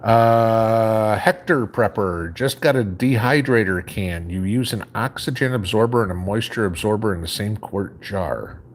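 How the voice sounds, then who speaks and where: A man with a very low voice and a faint Chicago accent hosts a live stream from home. He reads viewer comments aloud and answers them in a relaxed, rambling way. A faint hum sits under his voice. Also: unhurried, few pauses. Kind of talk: casual live chat.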